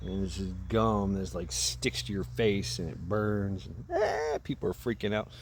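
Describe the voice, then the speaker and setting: A man's voice: deep voice, steady tone, moderate pace, a little hiss or hum. A man vlogging outdoors into a camera mic, casually retelling a movie in a rambling, profane way. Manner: rambling, profane, laughs at his own story. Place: outdoors by a path.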